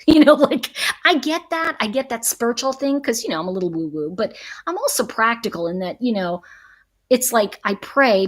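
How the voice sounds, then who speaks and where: Chatty, emphatic woman live host. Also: mid-range voice. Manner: chatty and emphatic, laughs often. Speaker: livestream host. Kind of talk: casual live chat with viewers.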